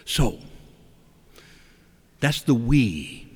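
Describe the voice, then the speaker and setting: A man with a mid-range, slightly rough voice preaches a conversational sermon slowly, pausing often. He's animated, poses rhetorical questions, acts out quotes, and speaks directly to the congregation, with a church's long reverb in the recording.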